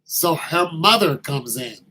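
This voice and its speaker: A man telling a story in a casual monologue, animated and slangy, acting out the quoted voices. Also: a little high, takes it slowly, a little hiss or hum, low-quality recording.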